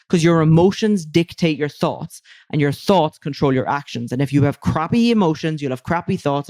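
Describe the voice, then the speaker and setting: A woman's voice: low-pitched, darkish tone, no echo, studio quality. A woman speaking as a guest coach in a casual podcast interview, emphatic and loose, with casual swearing.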